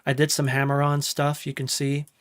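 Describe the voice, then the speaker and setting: During a casual live-stream, a man walks through his music session in a home studio, greeting chat and humming parts aloud as he works. His voice is slightly high and monotone, at a moderate pace.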